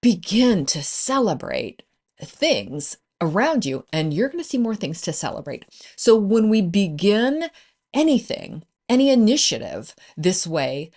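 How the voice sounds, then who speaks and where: A woman's voice: medium pitch, darkish tone. A woman business coach hosting a solo podcast, upbeat and encouraging in a conversational way.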